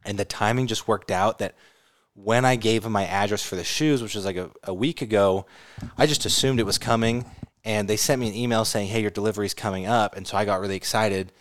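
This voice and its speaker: A laid-back man co-hosting a casual couple's podcast, with a somewhat low voice. He explains things quickly and easily. The recording is dry and close. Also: fairly even intonation, no room sound. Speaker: podcast co-host.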